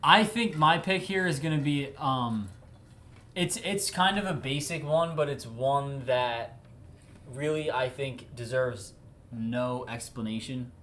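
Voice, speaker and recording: A young man co-hosting a casual movie chat, animated, often repeating words as he restarts his point. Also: medium pitch, slow, a little hiss or hum. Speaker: podcast co-host.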